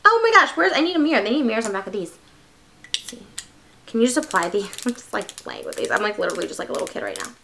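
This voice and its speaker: A young woman vlogging an unboxing in a bubbly, excitable, gushing way. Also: medium pitch, rapid-fire, creaky. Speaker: beauty vlogger. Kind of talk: casual unboxing vlog.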